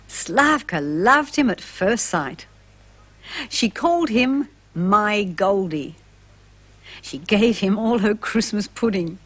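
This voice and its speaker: A woman narrating a storybook for young children, gentle and expressive, asking the listeners questions. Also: medium pitch, slow.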